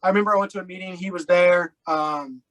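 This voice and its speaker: Higher-voiced rambling man. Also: quick pace, a bit bright, rough recording. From Colorado. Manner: loose and rambling, heavy on fillers. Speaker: interview guest. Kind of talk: casual personal storytelling.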